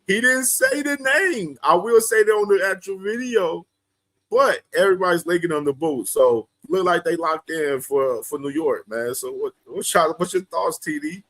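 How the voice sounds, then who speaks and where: Relaxed slightly high-voiced male host. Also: moderate pace, rough recording. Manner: relaxed, reacts with short interjections. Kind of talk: casual live-stream chat.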